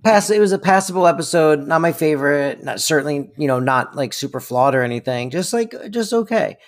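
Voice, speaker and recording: A woman's voice: low-pitched, brisk. A woman co-hosting a podcast, chatting casually and reacting to the recap. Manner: relaxed, offers short reactions and ratings. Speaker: podcast co-host. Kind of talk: casual chat.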